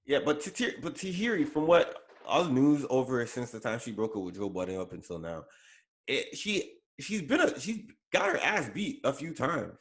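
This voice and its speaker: A man's voice: mid-range voice, very animated, normal speed. A man co-hosting a podcast, chatting casually about celebrity news with frequent fillers and self-corrections. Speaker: podcast co-host. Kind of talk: casual pop culture chat.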